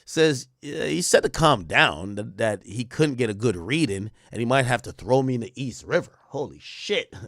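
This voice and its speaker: Male streamer, casual commentary, lively swinging pitch, dry close sound, reads testimony and riffs on it. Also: a little slow, no echo. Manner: animated, reads testimony aloud and riffs on it with slang. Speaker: stream host recapping a trial.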